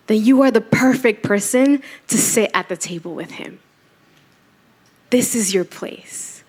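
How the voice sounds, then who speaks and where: A woman's voice: medium pitch, unhurried, darkish tone, slightly rough. A woman preaching a church sermon, telling a story casually and acting out the quoted voices. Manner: conversational storytelling, acts out quotes.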